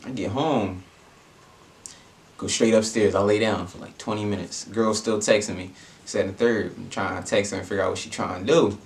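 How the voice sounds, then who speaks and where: A man's voice: lowish voice, fairly even intonation, moderate pace. A young adult man telling a personal story in a casual vlog, laid-back and slangy, with lots of fillers. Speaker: vlogger.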